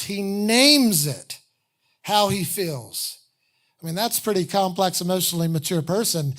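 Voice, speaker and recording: Pastor, sermon delivery, conversational and honest, mid-range voice, earnest slowed emphasis. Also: medium pitch, animated, a bit bright. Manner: conversational, candid, self-deprecating asides.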